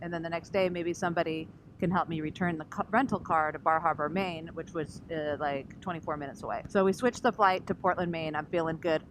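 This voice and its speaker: A woman with a fairly low voice tells an animated travel story in a casual vlog. She slips into other people's voices as she goes. Clear vehicle noise runs behind her. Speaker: vlogger. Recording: noisy recording with vehicle sounds.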